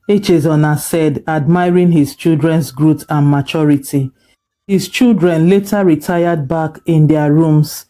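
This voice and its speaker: A storyteller reading a folk tale in a slow, measured delivery. The voice is very dark and mellow. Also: mid-range voice, steady tone. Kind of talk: scripted folk-tale narration.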